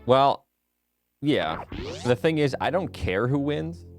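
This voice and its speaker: A man's voice: medium pitch, animated, slow pace. A man around thirty, chatting offhand and joking with his viewers while streaming a speedrun. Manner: joking, offhand, answers chat between game moments. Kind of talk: casual live-stream chat. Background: game music.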